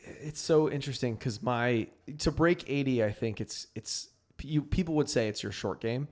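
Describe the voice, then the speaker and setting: A man's voice: medium pitch, normal speed, darkish tone. A man with a mid-range voice co-hosts a golf show. He rambles a little and explains his ideas with casual fillers. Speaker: podcast co-host. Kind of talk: casual chat.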